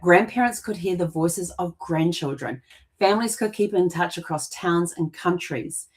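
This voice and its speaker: Brief: middle-aged New woman, lower voice, chatty storyteller who restarts often. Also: normal speed. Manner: chatty, rambling, with frequent restarts and laughs. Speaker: genealogy podcast host. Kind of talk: casual storytelling monologue.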